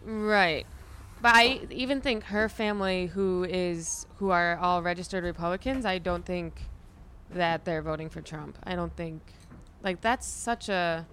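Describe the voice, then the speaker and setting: A woman's voice: lowish voice, a little slow, a bit bright, a little hiss or hum. A young woman, a comedian, chatting casually and rambling, laughing and swearing as she tells stories. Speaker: comedian and podcast host. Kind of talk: casual chat.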